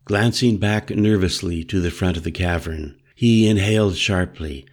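A man reading a first-person novel aloud in a measured, reflective storytelling manner. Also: low voice. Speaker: narrator.

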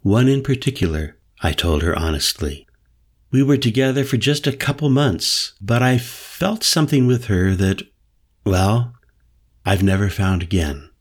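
A man narrating an audiobook in the first person, measured and unhurried. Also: lowish voice, big pitch swings.

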